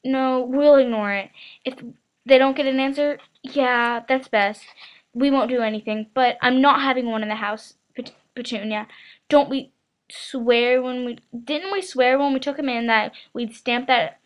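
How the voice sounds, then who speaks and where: A woman's voice: sits high, fairly even intonation, unhurried. A woman voicing a blustering middle-aged man. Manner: gruff, shouting, blustering.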